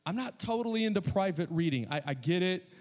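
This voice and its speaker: A man preaching a sermon as pastor, animated and conversational, with humorous everyday comparisons and calls for the audience to respond. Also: high-pitched, brisk. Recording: long hall reverb with faint music.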